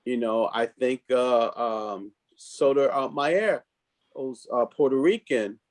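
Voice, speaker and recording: A man, a district leader, answering interview questions in a thoughtful, halting way full of fillers, troubled by allergies. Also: medium pitch. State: coughing from allergies.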